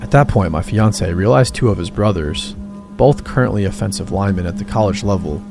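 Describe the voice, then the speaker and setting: A man tells a scary true story in a measured, scripted narration. His voice sits low and has a rough, gravelly edge. Music plays clearly beneath him. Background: background music.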